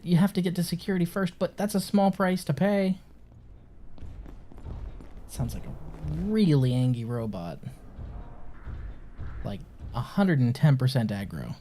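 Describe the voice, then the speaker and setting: A man giving chatty, excitable gameplay commentary and swearing casually. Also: high voice. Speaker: gameplay streamer.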